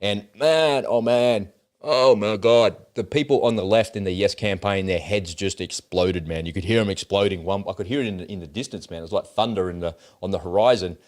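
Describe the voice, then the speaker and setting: A man's voice: lowish voice, brisk. An Australian man co-hosting a podcast, giving blunt, heated opinions in casual chat and swearing freely. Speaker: podcast co-host.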